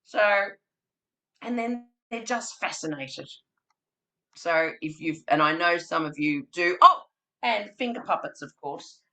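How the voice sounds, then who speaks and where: Woman trainer, theatrical and chatty, lower voice with a bright edge. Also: lively intonation, slow pace. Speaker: early childhood trainer presenting a webinar. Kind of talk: lively webinar presentation.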